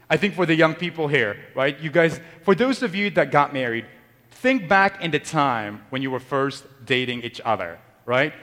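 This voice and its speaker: A male priest delivers a sermon in a loose, conversational way, teasing the congregation as he goes. His voice sits a little high, and it rings with the long reverb of a church. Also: fairly bright tone.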